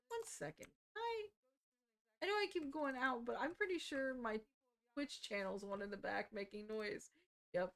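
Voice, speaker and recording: A woman's voice: on the high side, lively intonation, moderate pace, fairly bright tone. A young woman streamer giving casual, joking commentary while playing a game. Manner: chatty, joking.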